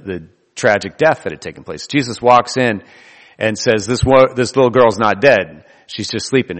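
A man's voice: lowish voice, a bit bright, long reverb tail. A man preaching a sermon in a loose, conversational way, joking and laughing between his points. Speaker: pastor.

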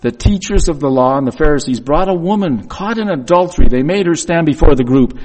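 A man's voice: on the high side, lively intonation, brisk, a little mellow, poor audio. A man preaching a reflective, confessional sermon, reading scripture and acting out the voices in it.

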